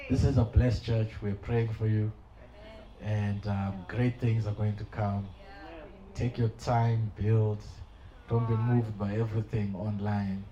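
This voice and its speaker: A man's voice: mid-range voice, fairly even intonation, a little slow, a crowd in the background. A middle-aged male pastor preaching a sermon with passion and humorous asides. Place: church hall. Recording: echoey hall, dull sound, congregation audible.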